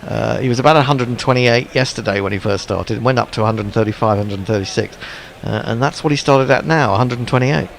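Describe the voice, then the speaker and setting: A man's voice: mid-range voice, fast, gravelly, hardly any pauses. A man chatting as a cricket co-commentator and reading out viewer messages, with faint background noise. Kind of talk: casual commentary chat.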